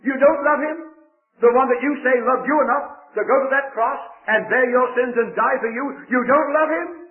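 Earnest gypsy girl, read by a man storyteller, high-pitched, lo-fi echoey recording. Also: normal speed, natural voice. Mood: indignant. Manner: pleading, emotional.

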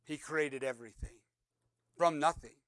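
A man preaching a sermon, reading scripture aloud and swinging between loud emphatic peaks and soft low drops. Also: moderate pace, dry recording. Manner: reads scripture aloud, repeats words for emphasis. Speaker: pastor.

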